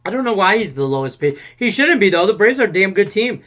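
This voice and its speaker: A man's voice: high voice, very animated, fast talker, fairly bright tone. A man hosting a casual sports betting livestream, reading viewers' questions from the chat in a loose, joking way. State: out of breath. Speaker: show host reading chat.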